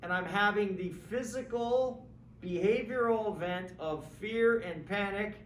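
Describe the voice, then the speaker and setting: A man teaching an introductory philosophy class in a conversational, lively way, acting out examples and checking in with students. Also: high voice, a little slow. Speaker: philosophy lecturer. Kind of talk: classroom lecture. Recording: roomy, distant mic with faint background hum.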